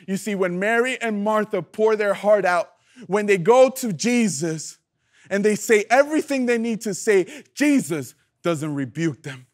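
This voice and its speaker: A male youth pastor preaches with fervent call-and-response energy. His voice is unusually high for a man and swings between loud emphasis and quiet, hushed lows. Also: animated, unhurried. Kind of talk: sermon.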